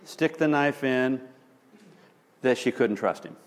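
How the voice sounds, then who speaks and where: A man's voice: mid-range voice, takes it slowly, long reverb tail. A man teaching about marriage conflict, telling stories with wry asides. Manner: animated, storytelling, wry asides.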